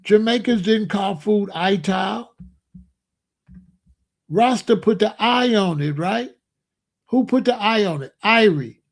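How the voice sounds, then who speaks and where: A man with a gravelly, creaky voice sitting a touch high for a man. He hosts a livestream and lectures his chat insistently, hammering the same points again and again. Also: slow, pauses often. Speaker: streamer host. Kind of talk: livestream commentary answering chat.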